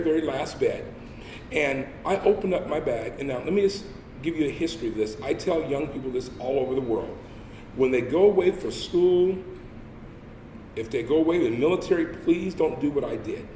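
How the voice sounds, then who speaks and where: A man's voice: a little high, animated, normal speed, a little mellow, recorded from a distance, slight background noise. A man giving a humorous storytelling sermon as a guest speaker. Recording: echoey hall with faint ambience.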